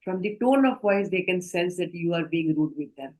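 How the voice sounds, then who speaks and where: A woman with an Indian English accent, leading a healthcare communication training session in a measured, explanatory way and often asking the group questions. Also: fairly low pitch, lively intonation, a little mellow, rough recording. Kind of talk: online training lecture.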